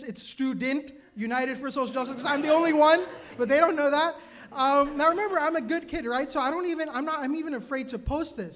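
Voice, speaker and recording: A man with a very high voice tells a personal story live on stage before an audience. He is animated and self-mocking, dropping quick asides and laughing at himself. He sounds like a man in his thirties.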